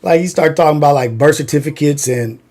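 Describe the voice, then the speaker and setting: Casting note: man in his thirties from Long Beach, slightly high voice, rambling slangy storyteller on a livestream. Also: fast, a little mellow. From Long Beach, California. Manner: loose slangy storytelling, many fillers. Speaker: livestream host.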